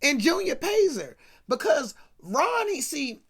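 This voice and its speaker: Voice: high-pitched, sing-song, slow, gravelly, a bit bright. Slangy casual movie-recap ranter. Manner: slangy, keeps checking in with "right?". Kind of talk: casual rant retelling a film.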